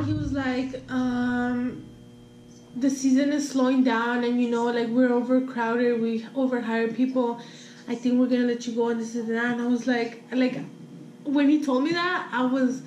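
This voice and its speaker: A young woman with a high voice tells a casual story in an animated way, acting out quoted dialogue and swearing as she goes. She flips between English and Spanish mid-sentence. The recording sounds roomy and a little dull, with faint noise behind her. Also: brisk. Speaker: vlogger.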